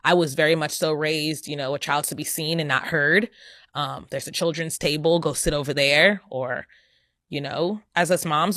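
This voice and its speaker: A woman's voice: deep voice, a bit bright, dry recording. Earnest woman podcast host, dry sound. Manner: earnest, open and reflective, with occasional "um" fillers. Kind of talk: candid solo podcast talk.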